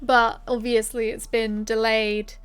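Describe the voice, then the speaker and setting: A woman's voice: fairly high pitch, little pitch movement, slow pace, fairly bright tone, smooth. A woman streaming a game, reading quest text aloud in character voices and chatting casually with her viewers.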